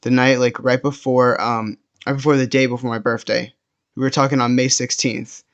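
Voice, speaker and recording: A man's voice: mid-range voice, little pitch movement, normal speed, fairly bright tone, dull audio. A teenage boy telling a personal story in a casual, rambling way, full of fillers and restarts. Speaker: storytime vlogger.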